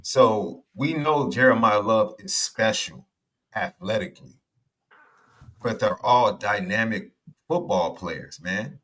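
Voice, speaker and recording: A man's voice: lowish voice, slow, a bit bright. A man on a sports show panel giving casual analysis, using filler words as he talks.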